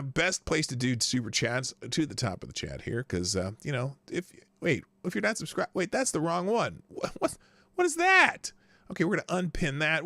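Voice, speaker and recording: A man's voice: high-pitched, bright, forceful tone, dry recording. A man hosting a live news stream, chatting casually, greeting viewers by name and often trailing off mid-sentence. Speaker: livestream news show host. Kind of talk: casual livestream chat.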